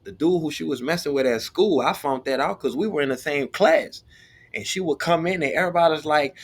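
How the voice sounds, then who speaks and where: A young man co-hosting a podcast, telling a story in casual chat, slangy and animated, acting out the voices of others. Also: on the high side, brisk, vocal fry, husky. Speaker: podcast co-host.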